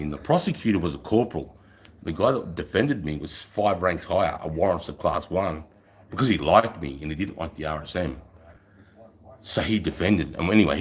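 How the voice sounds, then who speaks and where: A middle-aged man with an Australian accent telling a rambling story on a livestream, swearing freely and tagging lines with "right?". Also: low-pitched. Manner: swearing, rambling, tags 'right?'. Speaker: livestream host. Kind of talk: casual storytelling.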